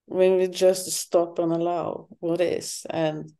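A woman guest speaking in a slow, thoughtful, halting way during a spiritual conversation. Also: fairly low pitch, level tone, vocal fry, warm tone. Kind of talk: reflective conversation.

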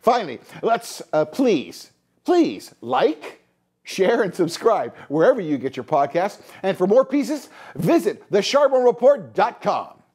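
A man's voice: high voice, very animated, a little slow, a little mellow, breathy edge. A middle-aged man from Canada hosting a podcast, delivering a scolding, exasperated opinion monologue. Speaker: podcast host.

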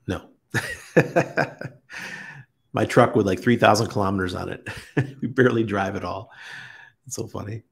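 A man hosts a casual crypto livestream, reading viewer comments, greeting people in the chat by name, and chuckling often. His fairly low voice is gravelly and a little rough, and his manner is relaxed.

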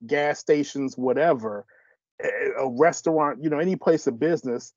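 A man's voice: on the high side, normal speed, dry recording. A man hosting a podcast in casual chat, reacting in a laid-back way and chiming in with his own view. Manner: laid-back, reactive, short agreeing interjections. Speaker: podcast host. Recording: dry, muffled lo-fi podcast audio.

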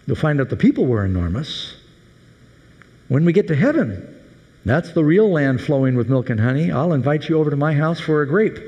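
A male preacher with a fairly high, very lively voice, telling the story with humor and lots of animation. His sermon rings out with long reverb in a large hall. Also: fairly quick, muffled recording. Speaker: pastor.

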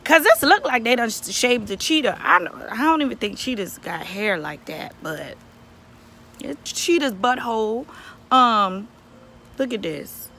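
A woman's voice: a little high, expressive, measured pace, bright, forceful tone, slight background noise. A young woman vlogger ranting casually to camera, exasperated and profane, repeating herself for emphasis. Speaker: beauty vlogger reviewing a wig.

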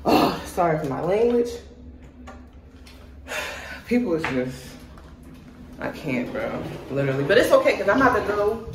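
A woman's voice: fairly low pitch, sing-song, moderate pace, long pauses, background noise. A young woman vlogging from her car and her school, talking bluntly and cursing freely when annoyed. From Philadelphia area. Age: young adult. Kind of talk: casual vlog talk.

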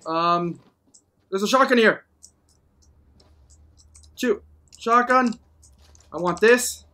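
A male gaming host giving live gameplay commentary, excitable, whooping and playfully taunting opponents. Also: high voice, extremely slow.

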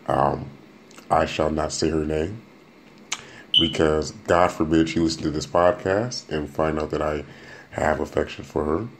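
A young man with a deep, low voice hosts his solo podcast in a loose, joking ramble, circling back and repeating himself as he goes. A faint hiss sits under the recording. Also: fairly even intonation, a little slow, vocal fry. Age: young adult. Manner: rambling, joking, repeats words and restarts often. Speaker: podcast host. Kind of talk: casual solo podcast monologue.

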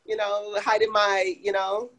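A woman from Jamaica with a light Jamaican accent, a podcast guest who explains her spa services in a relaxed way with many fillers. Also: medium pitch, measured pace, poor audio. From Saint Andrew, Jamaica. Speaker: guest, med spa owner. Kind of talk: casual interview answers.

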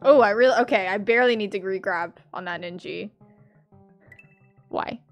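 A woman streaming a platform game, chatting with her viewers, laughing a lot and yelling loudly when she fails. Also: mid-range voice, moderate pace, highs cut off, soft background music. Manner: chatty, laughs often, bursts into loud yells at failures. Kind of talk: casual live-stream commentary.

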